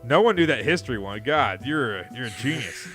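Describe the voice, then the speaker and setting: A man's voice: mid-range voice, animated, fairly quick, fairly bright tone, soft background music. A man co-hosting a podcast, reading trivia questions aloud and stumbling over words with laughs in casual chat.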